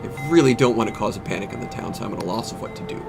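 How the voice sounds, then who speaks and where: A man's voice: on the low side, animated, racing, vocal fry. A man reading the lines of a flustered, genteel woman mayor who talks in a prim, evasive way, over game music.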